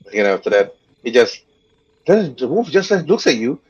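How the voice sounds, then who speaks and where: A man narrating as game master of a tabletop game over voice chat, lively, with a husky voice. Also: normal speed, highs cut off. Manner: lively, jumps into high squeaky voices for creatures.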